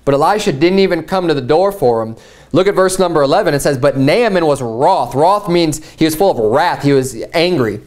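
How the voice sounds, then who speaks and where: A man with a fairly high speaking voice preaches a sermon with animated energy. He reads scripture aloud and briefly acts out the people in the story as he goes. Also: normal speed. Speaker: pastor.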